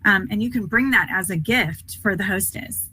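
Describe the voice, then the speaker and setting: A woman's voice: medium pitch, moderate pace, pushed and bright, husky, no room sound. A woman giving a casual product demo in a chatty, loose, explaining way.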